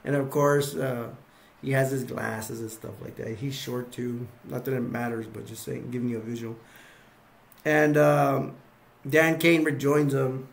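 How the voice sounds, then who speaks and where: A man's voice: medium pitch, level tone, unhurried, gravelly. A man casually recapping a film's scenes, rambling and repeating himself as he acts bits out. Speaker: movie reviewer.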